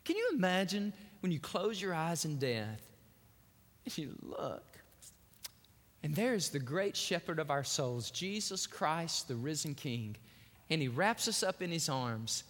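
A man preaching a sermon, telling a story with lively acted-out voices. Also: a little high. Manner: animated storytelling, acting out quotes. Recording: long hall reverb.

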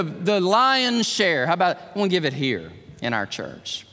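A man preaching to his church with a high, bright voice. He swings from hushed tones to near shouts. His voice rings through a big hall with a long reverb. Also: huge pitch swings, measured pace. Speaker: pastor. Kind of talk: sermon.

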